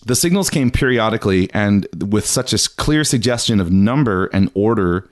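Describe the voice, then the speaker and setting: A man's voice: on the low side, expressive, moderate pace. A man hosting a casual podcast chat, chatty and laughing, acting out the people he talks about. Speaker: podcast host.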